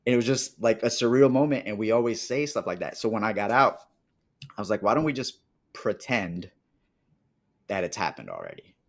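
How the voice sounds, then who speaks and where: A man from Colombia with a fairly low voice talks through his past as a podcast guest. He is animated and slips into the voices of people he quotes. The tone is casual and conversational. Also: a little fast. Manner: animated, acts out quoted dialogue. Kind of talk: casual interview storytelling.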